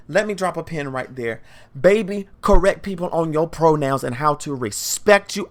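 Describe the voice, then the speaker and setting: A woman hosting a podcast, telling a story in a monologue and speaking emphatically and directly to her listeners. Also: low voice. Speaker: podcast host.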